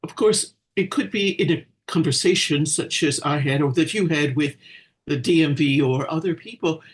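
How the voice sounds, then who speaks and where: A man's voice: fairly high pitch, moderate pace. A man co-hosting a casual spiritual discussion, talking in a thoughtful, hesitant way.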